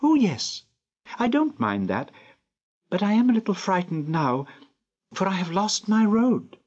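Guy reading doing a shy little lost girl, soft and earnest, pitched way up. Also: sing-song, a little slow, lo-fi sound, exaggerated voice.

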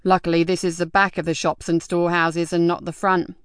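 A woman puts on a gruff, blunt male fire officer from an audiobook crime novel, cautious and unhurried. He gives warnings in a low, steady, slightly lowered voice. The sound is smooth and close, with no room to it. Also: no echo, close to an everyday voice.

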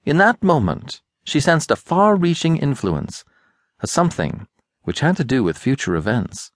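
A man narrating an audiobook with an expressive, dramatic reading, close to a studio mic. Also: fairly high pitch, normal speed, dry recording. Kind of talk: scripted narration.

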